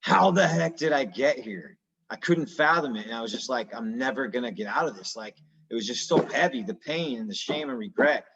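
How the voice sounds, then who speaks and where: Man, 30s, mid-pitched, casual and earnest storyteller with slang; slightly muffled recording. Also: lively intonation, brisk, a bit bright, husky. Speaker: guest telling his sobriety story. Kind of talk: candid personal storytelling.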